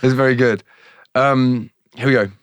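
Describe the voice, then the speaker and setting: A man's voice: medium pitch, fairly even intonation, moderate pace, clear, resonant tone, no echo. A man co-hosting a casual podcast chat, telling dad jokes and laughing often. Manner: jokey, laughs often, playful storytelling. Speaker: podcast co-host.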